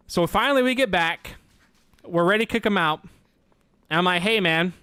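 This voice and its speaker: Brisk but punctuated by long pauses, this young streamer's high-pitched voice sounds smooth and dry. He recounts a story casually, swearing a lot and animatedly quoting the back-and-forth dialogue.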